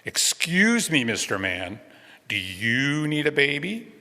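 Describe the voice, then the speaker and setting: A hopeful little girl asks her questions slowly and earnestly, as a man puts her on. The voice sits raised and bright. A long reverb trails each line, as in a large hall. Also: medium pitch, sing-song, voice pushed up, heavily acted.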